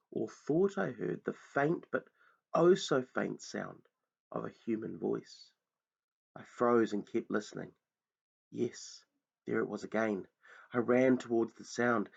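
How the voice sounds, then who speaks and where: A man reading a children's book aloud in a slow, hushed, dramatic storytelling manner. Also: fairly low pitch, gravelly, husky. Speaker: reader. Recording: dull lo-fi recording.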